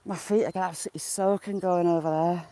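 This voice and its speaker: A woman's voice: lowish voice, steady tone, quick pace, mellow. A woman chatting to viewers as she walks along a river outdoors, laughing often and talking to herself, recorded on a handheld phone. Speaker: vlogger. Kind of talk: casual walking vlog, chatting to live viewers.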